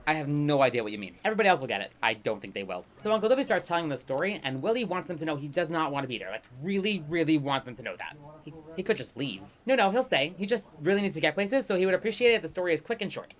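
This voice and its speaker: A man performs a comedy sketch of a pitch meeting, swapping rapid, animated lines back and forth between two characters.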